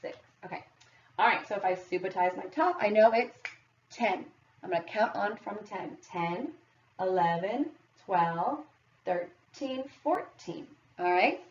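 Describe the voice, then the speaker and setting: A woman teacher slowly counting aloud and guiding young children through a math lesson. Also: mid-range voice, a little hiss or hum. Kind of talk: early-grades math lesson. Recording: echoey, distant, dull camera audio with faint ambience.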